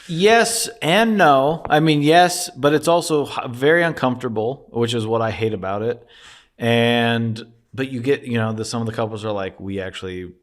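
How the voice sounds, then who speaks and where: A man's voice: medium pitch, normal speed. A young man from the American Midwest co-hosting a comedy podcast, chatting loosely and laughing as he acts out the people he talks about. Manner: acts out quoted people in silly voices, laughs often. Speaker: podcast co-host. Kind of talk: casual comedic chat.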